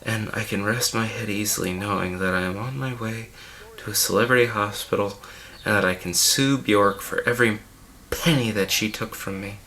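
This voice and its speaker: A man's voice: fairly low pitch, normal speed, hardly any pauses, pushed and bright. A man playing an unwell, pompous male art-film director who rambles and panics in an improvised comedy commentary track. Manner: rambling, self-important, panicky. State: unwell and dizzy.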